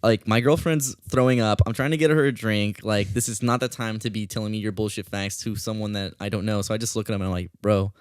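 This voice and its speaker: A man hosting a podcast, telling a story in a casual, animated way and swearing often. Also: on the low side, fast talker, hardly any pauses, clean tone, dry recording, studio quality. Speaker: podcast host.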